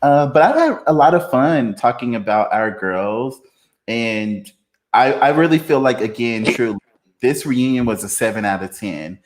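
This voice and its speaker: A man hosting a casual livestream chat, reading viewer comments aloud, laid-back and quick to laugh, a little tipsy after a few beers. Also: medium pitch, animated. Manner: laid-back, laughs often, drawn-out fillers. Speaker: livestream host.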